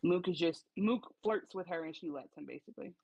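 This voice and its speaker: A woman's voice: lowish voice, brisk, darkish tone, slightly rough, no room sound. A woman co-hosting a podcast, chatting casually and emphatically about a TV episode. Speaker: podcast co-host. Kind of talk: casual TV recap chat. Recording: slightly dull dry recording.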